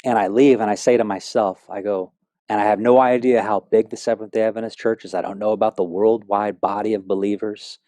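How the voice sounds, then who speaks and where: A man's voice: lowish voice, steady tone, fairly quick, dark tone, no echo. A middle-aged man telling his personal faith testimony in an earnest, rambling way, with many fillers and restarts. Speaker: speaker sharing a testimony.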